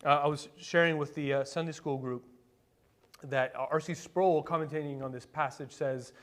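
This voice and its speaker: A male pastor preaching a sermon in a conversational way, with rhetorical questions and sudden bursts of excitement. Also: fairly high pitch, normal speed. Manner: conversational preaching with asides and fillers.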